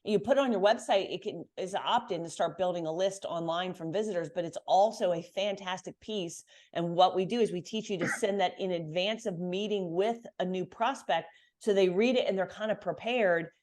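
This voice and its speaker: Confident lady coach, lowish voice, talks fast and emphatic about sales. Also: a little mellow. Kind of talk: coaching call.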